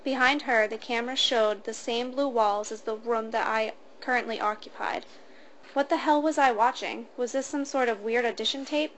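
A woman's voice: a little high, fairly even intonation, normal speed, a little hiss or hum. Woman narrating a first-person story.

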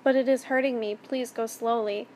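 A frightened young woman who pleads and stammers, her voice pushed higher and louder, as a woman reading the story acts her out. Her phrases break off and restart, with faint background noise under them. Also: steady tone, normal speed, close to an everyday voice. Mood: frightened pleading.

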